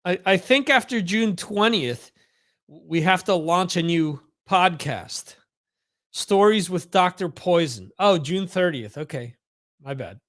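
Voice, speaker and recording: A bright, high-pitched male voice with lively intonation moves at a slow pace. He hosts a live-stream podcast, rambling casually, repeating words, and reading comments from viewers aloud.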